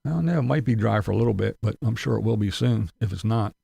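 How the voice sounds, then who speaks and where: A man's voice: fairly low pitch, fast, creaky, dark tone, husky, no echo. A man hosting his channel, giving rambling, profane commentary in a casual tone with frequent chuckles. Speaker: channel host.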